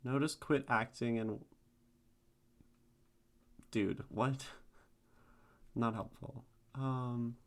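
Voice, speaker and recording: A man's voice: medium pitch, fairly even intonation, slow, long pauses, a bit bright. An American man streaming casually, thinking aloud in a hesitant way with many fillers. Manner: musing, hesitant, lots of fillers.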